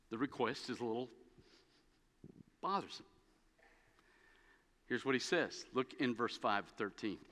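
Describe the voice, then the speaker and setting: A man preaching a sermon as pastor, telling stories with an animated, dry humor. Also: fairly high pitch. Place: church sanctuary. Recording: long reverb of a church hall.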